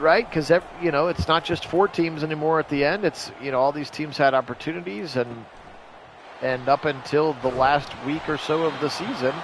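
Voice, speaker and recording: A man calling a simulated football game on his own, jumping up loud on big plays and chatting with viewers in between. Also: fairly high pitch, normal speed, slight background noise. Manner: rises sharply and loud for big plays, chatty asides to live chat. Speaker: play-by-play host of video game sims. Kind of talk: solo play-by-play commentary on a simulated game.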